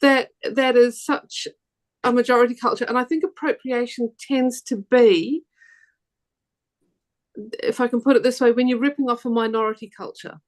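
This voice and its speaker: A New Zealand woman on a discussion panel, talking in a fairly high voice. She rambles, corrects herself and restarts often, and turns lively when something annoys her. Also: moderate pace. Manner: chatty, rambling, with many restarts and self-corrections; laughs easily, animated when indignant.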